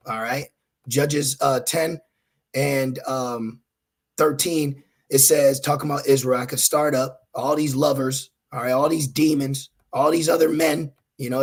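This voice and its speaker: A man's voice: fairly high pitch, gravelly, husky. A man preaching scripture online, scolding his listeners with blunt, profane asides and reading Bible verses aloud between his remarks.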